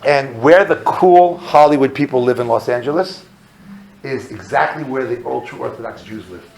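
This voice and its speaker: A man speaking as a rabbi, telling a comic story in an animated, self-mocking way and jumping into loud re-enactments. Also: mid-range voice, moderate pace, creaky, roomy sound, soft background music, poor audio.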